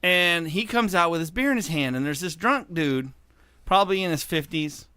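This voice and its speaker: A man's voice: on the high side, pushed and bright, clear, resonant tone, no echo. A man, a podcast co-host, chiming in and retelling a night out in casual chat. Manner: laughs often, chimes in with quick asides.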